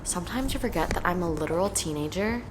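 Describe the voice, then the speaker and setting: 19 yo girl rambling to her camera, swears a lot, says like constantly, lowish voice, bit of room hiss. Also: lively intonation, fast talker. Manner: chatty, swears freely, heavy "like" filler. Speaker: vlogger. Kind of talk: casual confessional vlog chat. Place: her apartment.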